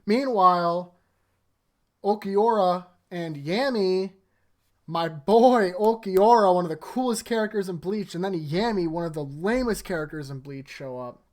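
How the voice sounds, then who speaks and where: A man's voice: sits high, unhurried, darkish tone. A man casually recapping anime episodes in front of a green screen, rambling with lots of fillers like "like" and "uh".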